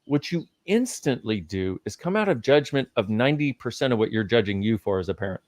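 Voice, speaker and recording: A man's voice: medium pitch, sing-song, brisk, darkish tone, no room sound. A man speaking as a guest in a live conversation, teaching with emphasis and casual swearing.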